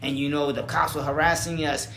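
A middle-aged man talks in a loose, relaxed, story-telling way, sprinkling "you know" everywhere. His voice sits a little high for a man. The room gives it a noticeable echo. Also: a little fast, gravelly. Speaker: former teacher and assistant principal. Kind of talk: casual conversational storytelling. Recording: roomy echo.

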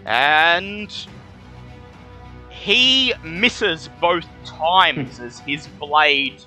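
A man running a tabletop game as dungeon master, slowly narrating the action with occasional laughs. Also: fairly high pitch, animated, pushed and bright, faint music behind. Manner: slow, descriptive narration with laughs.

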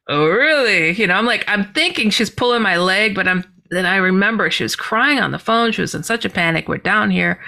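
Bright-voiced woman telling a story. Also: medium pitch. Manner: animated, acts out quoted voices, many fillers. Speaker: podcast guest. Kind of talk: storytelling in an interview.

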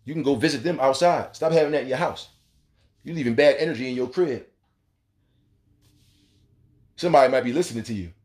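A man's voice: medium pitch, racing, a little mellow. A man hosting a talk radio show, delivering a blunt, profane monologue and acting out the voices he quotes. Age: adult, has a son.

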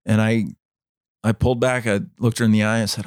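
A man co-hosting a podcast, telling a story in a measured, dramatic way. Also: lowish voice, level tone, no room sound, studio quality. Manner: measured, dramatic storytelling, acts out quoted voices. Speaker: podcast co-host. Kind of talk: storytelling in casual chat.

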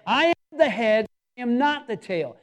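Male pastor with a very high voice, preaching in an emphatic, repetitive style straight at the congregation. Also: very animated, normal speed, highs cut off. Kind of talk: sermon.

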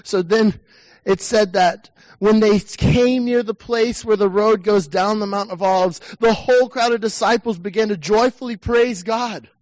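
A high-voiced man preaches a lively sermon to a church congregation, swinging into shouted lines as he plays the listener's inner thoughts. The sound is close and dry, with no room echo. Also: a little slow. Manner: animated, acts out the listener's inner voice, rising to shouts. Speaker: pastor.

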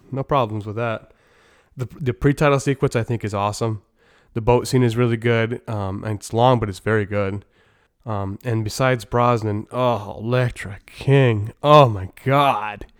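A man hosts a casual movie review podcast, giving blunt, opinionated takes with jokes and the odd curse. His voice is smooth and clear, sitting at a middle pitch. The sound is dry and close, with no room echo. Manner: opinionated, blunt, joking, with profanity. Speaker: podcast host.

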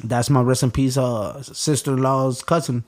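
Man, from Chicago, interview guest, blunt street talk, frequent restarts, mid pitch. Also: steady tone, normal speed. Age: adult. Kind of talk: personal storytelling in an interview.

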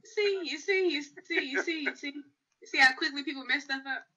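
A woman's voice: high voice, fairly quick, bright, forceful tone. A woman co-hosting a casual chat, giggly and repeating her words as she gets going. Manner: giggly, repeats words when starting sentences. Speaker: podcast co-host. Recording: dull lo-fi sound.

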